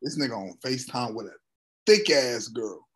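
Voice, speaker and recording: A man in his thirties hosting a reaction video, talking in an excitable, slangy and profane way. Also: medium pitch, moderate pace, breathy edge, faint music behind, rough recording. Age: 30s. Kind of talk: casual reaction commentary.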